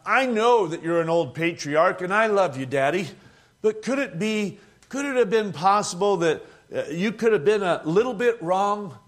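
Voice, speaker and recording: A man's voice: high voice, lively intonation, normal speed, a bit bright. A man in his sixties voicing a grown son who hesitantly questions his aged father in a sermon story. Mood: pleading. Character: grown son gently doubting old father.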